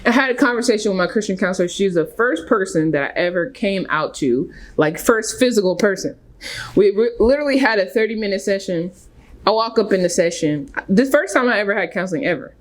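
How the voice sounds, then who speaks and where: Animated woman telling her own story. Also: fairly quick. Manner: animated, with sudden pitch jumps and frequent "right?" and "okay?". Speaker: spiritual vlogger. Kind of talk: casual personal storytelling.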